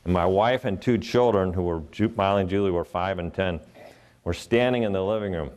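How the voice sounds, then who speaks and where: A middle-aged man from Ohio with a deep, low voice delivers a keynote to a live audience. He tells personal stories earnestly and slips into the voices of the people in them. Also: brisk, darkish tone. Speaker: motivational speaker.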